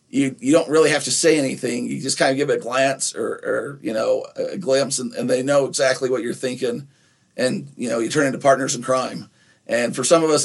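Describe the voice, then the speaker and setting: A man's voice: mid-range voice, vocal fry. A middle-aged man from Nephi, Utah, co-hosting a podcast in a casual, rambling way with many restarts. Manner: rambling, with frequent restarts and fillers. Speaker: podcast co-host. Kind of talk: casual chat.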